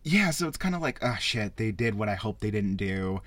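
Male host, lowish pitch, excitable and foul-mouthed, casual review delivery, dry close sound. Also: brisk, no room sound. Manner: rambling, profane, excitable. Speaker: podcast host reviewing a film. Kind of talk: casual spoken film review.

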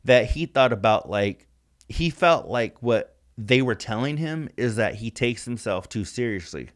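A man's voice: mid-range voice, lively intonation, measured pace. A man co-hosting a podcast in casual chat, rambling and swearing, with "like" in nearly every sentence. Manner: rambling, profane, heavy use of "like". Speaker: podcast co-host.

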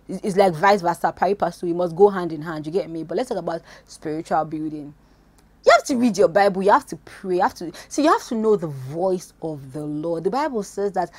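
A woman preaching an informal devotional talk, animated and swinging between loud exclamations and quiet asides, recorded on a phone. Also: on the low side, dry recording.

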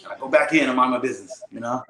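A man's voice: medium pitch, fairly even intonation, very fast, roomy sound, a crowd in the background, poor audio. A man guest on an interview podcast, talking in a laid-back, reflective way, often adding "you know". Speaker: guest, professional fighter. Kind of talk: casual interview talk.

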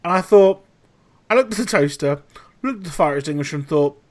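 Podcast host, young adult man, lively swearing storyteller, voice rising and falling a lot. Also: fairly high pitch, brisk. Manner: animated storytelling, heavy swearing. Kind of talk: casual chat.

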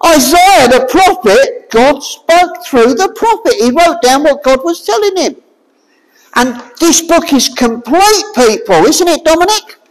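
A high, lively voice preaches a sermon at an unhurried pace. The delivery is forceful and full of rhetorical questions, now and then rising to a shout. The sound rings with the long reverb of a large hall. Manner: emphatic, fires rhetorical questions at listeners; forceful, raises voice to a shout at times.

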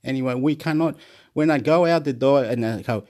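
A YouTuber, a man with a mid-range, warm voice, talks briskly through a stream-of-consciousness vlog. He rambles, repeats his words, jumps between topics, and keeps laughing as he goes.

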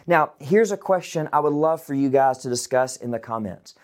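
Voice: mid-range voice, normal speed, a little mellow. A Bible teacher giving a casual, conversational online lesson, with chatty asides to the viewers.

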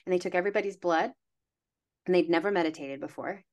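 A young adult woman, a wellness coach, talking casually on a podcast, animated and full of fillers, acting out little inner voices. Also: fairly low pitch, quick pace.

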